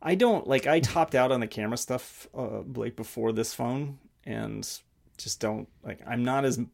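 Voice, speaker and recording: Man, podcast co-host, gravelly voice, hesitant, lots of fillers. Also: mid-range voice, moderate pace. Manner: hesitant, trailing off, many fillers. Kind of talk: casual tech chat.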